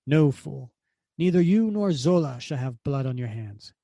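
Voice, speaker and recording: A man's voice: mid-range voice, animated, a little slow, warm tone, no room sound, clean studio sound. A man reading aloud as a proud, vengeful male villain baron, declaiming with menace. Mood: menacing.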